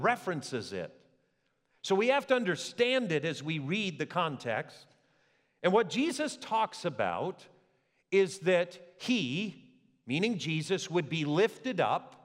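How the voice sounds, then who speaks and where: A man preaching a sermon as a pastor, with lively rhetorical questions to the congregation. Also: on the high side. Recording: long hall reverb.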